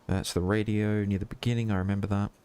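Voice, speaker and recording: Deep-voiced joking male game streamer. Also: flat delivery, fast, warm tone, clear, resonant tone. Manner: chatty, self-mocking, joking asides. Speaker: VTuber streamer. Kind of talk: casual gameplay commentary.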